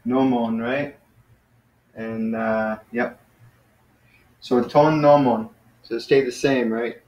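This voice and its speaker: A man leads a small class with an easygoing manner, stopping to correct himself and filling pauses with "um". His voice rings in a roomy space. The recording sounds dull and lo-fi. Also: mid-range voice. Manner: relaxed, lots of fillers and self-corrections. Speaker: Greek teacher. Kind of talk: casual classroom teaching.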